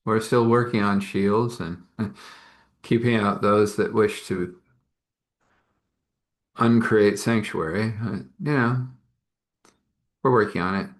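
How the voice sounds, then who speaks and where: A man voicing a gentle, patient woman. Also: on the low side, takes it slowly, long pauses.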